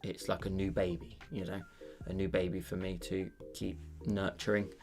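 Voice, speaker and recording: Casting note: man, low gravelly voice, rambling streamer thanking chat over soft music. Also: level tone, moderate pace. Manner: rambling, thinks aloud, many fillers and restarts. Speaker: digital painting livestreamer. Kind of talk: casual livestream chat while painting.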